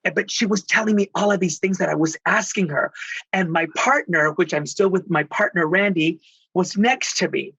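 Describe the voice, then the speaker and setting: Husky, bright-voiced man telling stories. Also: high voice, moderate pace, no room sound, rough recording. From Texas. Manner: animated, theatrical, acts out quoted voices. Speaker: guest, spiritual healer. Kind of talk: emotional storytelling in conversation.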